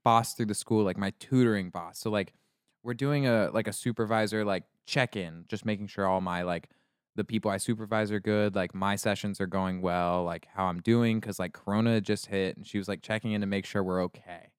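A young man co-hosting a podcast, chatting casually and telling stories with lots of animated voices. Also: lowish voice, fairly quick, clean tone, no room sound, clean studio sound. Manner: animated storyteller acting out voices. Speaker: podcast co-host. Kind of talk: casual chat.

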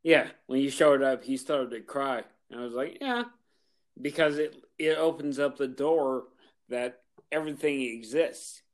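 A man co-hosts a podcast in relaxed, casual conversation, easygoing and quick to agree. His voice sits at an ordinary middle pitch. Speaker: podcast co-host. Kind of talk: casual chat.

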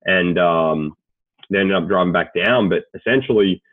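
A man's voice: low-pitched, moderate pace, dry recording. A man in his late twenties with an Australian accent, a guest telling a story in a laid-back, casual way, swearing freely. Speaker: guest, sports agent. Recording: tinny phone-like call audio.

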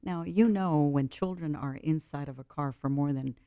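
A woman's voice: low-pitched, moderate pace, warm tone, no room sound, clean studio sound. A middle-aged woman telling a personal story as an interview guest, earnest and vivid, building tension through repetition.

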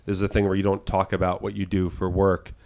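Fast-talking man, animated podcast co-host. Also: deep voice. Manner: animated storyteller, acts out quotes, swears freely. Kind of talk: casual chat.

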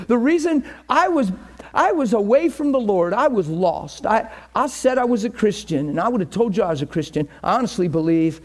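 Middle-aged male pastor with a very high voice; impassioned sermon delivery. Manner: impassioned, swings from quiet to shouting.

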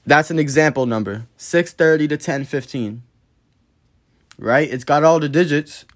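Guy on his podcast, kinda high voice, blunt and cussing a lot while he tells a work story. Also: normal speed. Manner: blunt, profane, heated retelling of a work dispute. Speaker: podcast host. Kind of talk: casual storytelling monologue.

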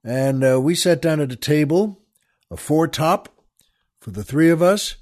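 A male radio host spins a long, digressive story, drifting off topic and circling back. He speaks straight to his listeners and often stops to restart a thought. His voice sits a bit higher than most men's. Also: animated, a little mellow. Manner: rambling, digressive, with frequent pauses and restarts; addresses listeners directly. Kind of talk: storytelling monologue.

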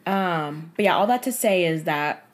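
A young woman telling a dating story on a podcast in casual, profane chat, animated and full of fillers. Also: lowish voice, measured pace.

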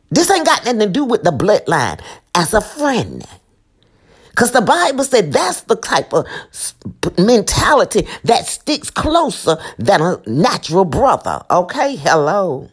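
A woman's voice: on the low side, husky. A woman preaching an impassioned sermon, emphatic and repeating her lines with asides to the listeners.

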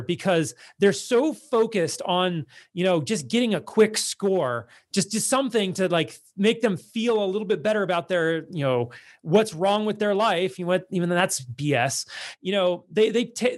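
A man with a fairly high voice delivers a blunt, exasperated monologue to his online followers. His talk is loose and full of fillers, yet he comes down firmly on each point. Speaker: online content creator.

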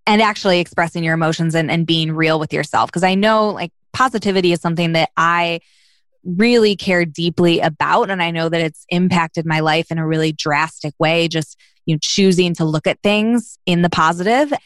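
A woman host with a slightly low voice asks curious, casual questions full of fillers. Her voice sounds close and dry, with no room around it. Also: moderate pace, dry recording. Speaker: podcast host. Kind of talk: interview questions, casual chat.

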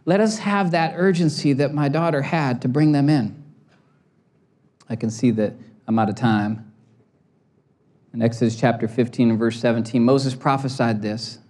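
A middle-aged man giving a sermon as a pastor, telling a lively story, acting out quotes and laughing at himself. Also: medium pitch, a little slow.

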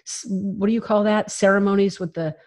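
A woman's voice: medium pitch, fairly even intonation, fairly quick, darkish tone. A woman guest in an interview, telling her own story in a frank, emphatic way and laughing between phrases. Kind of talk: candid personal storytelling.

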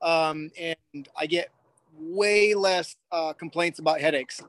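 A man's voice: a little high, slow, fairly bright tone, no echo. A car detailer explaining his methods in a casual chat, rambling with many fillers.

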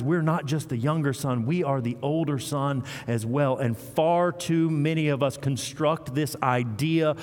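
A man preaching a sermon in a church, retelling a parable and acting out its voices with animated storytelling. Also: a little high. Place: church sanctuary. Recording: long hall reverb.

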